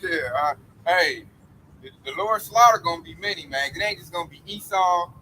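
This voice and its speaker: A man's voice: sits high, moderate pace, sharp tone, slight background noise, rough recording. A man preaching in an emphatic, slangy street style about coming judgment.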